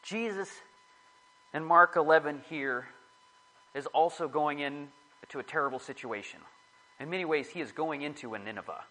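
A man's voice: on the high side, moderate pace, long pauses, sharp tone, low-quality recording. A man giving a casual, rambling sermon to a small group, often correcting himself as he talks. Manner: rambling, self-correcting, chatty.

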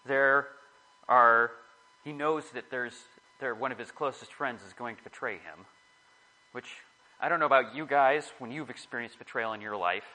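A man's voice: medium pitch, normal speed, sharp tone, low-quality recording. A man giving a casual, rambling sermon to a small group, often correcting himself as he talks. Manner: rambling, self-correcting, chatty.

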